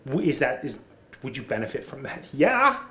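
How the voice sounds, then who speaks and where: A man co-hosting a podcast, talking casually in a rambling, energetic way in an office conference room. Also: medium pitch, normal speed, echoey room. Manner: rambling, energetic, restarts often. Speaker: podcast co-host.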